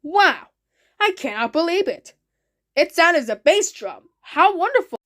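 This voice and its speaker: A woman with a high voice narrates her own video in a loose, casual way. She sounds eager and keeps her phrasing simple and repetitive. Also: big pitch swings, a little slow, a bit bright. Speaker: channel host.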